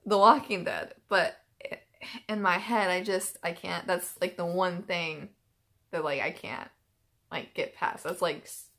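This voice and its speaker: A YouTube reaction host speaks in a medium-pitched, fairly bright voice. She chats casually and with emotion, often restarting and leaning on filler words.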